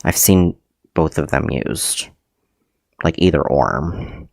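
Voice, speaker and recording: A deep-voiced man works slowly through a livestreamed math lesson, often pausing with ums and correcting himself. The sound is dry and close. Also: gravelly, no echo. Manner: hesitant, many ums and self-corrections. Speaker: math teacher.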